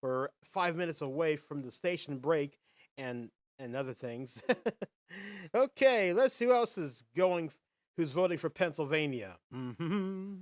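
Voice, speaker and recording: A man hosting a live podcast with a lively, bouncing delivery that swings up and down in pitch. His voice sits a little higher than most men's. The sound is dry and close, with no room around it. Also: unhurried, no echo. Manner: animated, folksy, addresses viewers directly. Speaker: podcast host. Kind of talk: casual live-stream chat and quiz.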